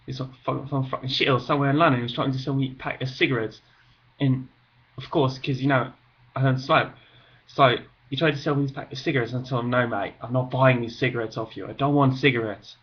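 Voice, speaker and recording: A man voicing a loud male Cockney street chancer in an attempted Cockney accent, telling his story indignantly. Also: mid-range voice, fairly even intonation, fast, breathy edge, dull audio.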